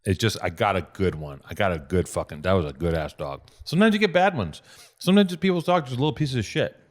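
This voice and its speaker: A man's voice: fairly low pitch, fast talker. A man hosting a podcast in casual chat, telling stories animatedly and swearing freely. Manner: profane, animated storytelling with acted-out quotes. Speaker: podcast host.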